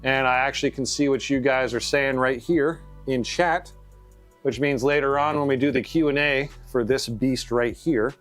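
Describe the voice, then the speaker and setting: A man's voice: mid-range voice, fairly even intonation, moderate pace, fairly bright tone, faint music behind. A man hosting a casual live stream from his home studio, chatty and upbeat as he greets viewers. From Canada. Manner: upbeat, chatty, reads viewer comments aloud. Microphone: shotgun mic.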